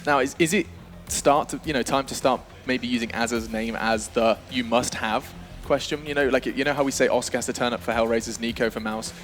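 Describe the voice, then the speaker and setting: A man's voice: mid-range voice, steady tone, brisk, a bit bright, soft background music. A man hosting an esports analysis desk, energetically steering questions to his panelists. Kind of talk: fast studio analysis chat.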